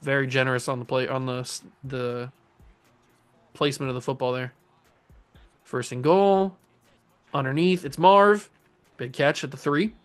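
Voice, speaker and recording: A young man casually commentating his own video game play as a channel host, excitable and jokey, talking to the players on screen. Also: mid-range voice, a little slow, pauses often, faint music behind. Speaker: gaming YouTuber host.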